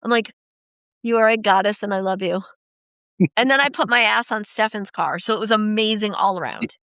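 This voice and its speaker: A woman hosting a podcast, telling profane, lively stories in casual chat and acting out the quoted lines. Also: medium pitch, brisk, no echo. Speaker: podcast host. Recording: dull, dry lo-fi podcast audio.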